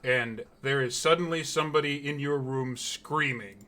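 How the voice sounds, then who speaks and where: A man runs a tabletop game as game master, narrating slowly and quietly with deliberate pauses. His mid-pitched voice sounds bright and clear. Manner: slow, hushed, deliberate narration.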